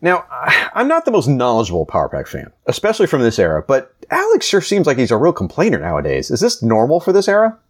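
A man's voice: medium pitch, wildly swooping pitch, quick pace, few pauses. A man co-hosting a casual comic podcast, joking and self-deprecating as he recaps. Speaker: podcast co-host.

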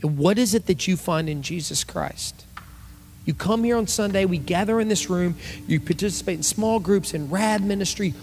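A man's voice: sits high, moderate pace, a little mellow. A male pastor preaching a conversational sermon to his church, acting out quotes in his telling.

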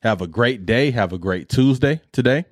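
A middle-aged man hosting a solo podcast, ranting in an animated, exasperated way with lots of repetition. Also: medium pitch, normal speed, no echo, studio quality. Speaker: podcast host.

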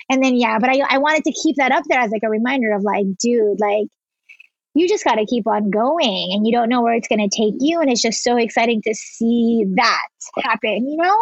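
Woman entrepreneur, high bright pitch, chatty storyteller, dull dry audio. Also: brisk, no room sound. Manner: effusive storyteller, lots of "like". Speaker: entrepreneur guest. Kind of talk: casual interview chat.

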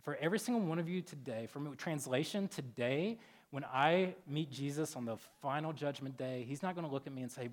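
A man in his thirties, a pastor giving a casual, chatty sermon full of "like" and "um", breaking into loud, lively retellings. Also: a little fast. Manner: chatty, filler-heavy, jumps loud and high in animated retellings.

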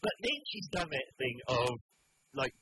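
A wry Australian man hosts a casual radio chat from a studio, his pitch rising and falling a lot as he spins a story. A loud hiss runs under the broadcast. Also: very animated, moderate pace. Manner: wry, storytelling, mimics others. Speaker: radio host.

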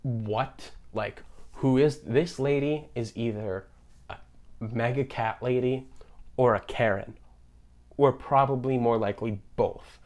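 A man's voice: medium pitch, animated, unhurried, darkish tone. A young man hosting a podcast in a sarcastic, ranting comedic monologue. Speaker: podcast host.

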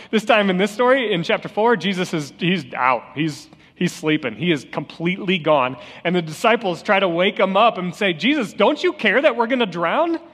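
Middle-aged male pastor, higher-pitched voice, conversational sermon with rhetorical questions, long hall reverb. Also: a bit bright. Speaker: interim lead pastor. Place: church sanctuary.

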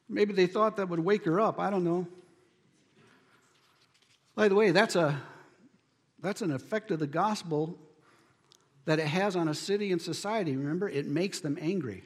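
Emphatic high-voiced preacher in a reverberant hall. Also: male voice, moderate pace, pauses often. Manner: emphatic preaching, rising to near-shouts on key phrases. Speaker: pastor. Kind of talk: sermon.

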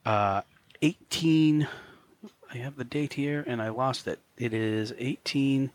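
A man's voice: medium pitch, slow. A man co-hosting a podcast, chatting about a film in a loose, rambling way full of fillers. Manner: rambling, many "you know" fillers, explanatory. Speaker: podcast co-host. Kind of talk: casual film commentary chat.

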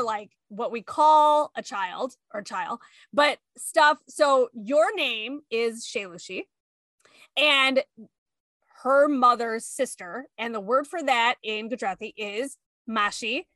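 A woman in casual chat, telling family stories in an animated way and acting out quotes. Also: on the high side, no room sound. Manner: animated storyteller, acts out quotes.

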